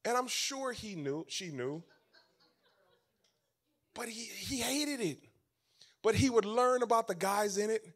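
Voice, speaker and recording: Animated preacher man telling stories. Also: high-pitched, slow, long pauses. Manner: animated storytelling, swings from loud to soft. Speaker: pastor. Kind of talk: sermon.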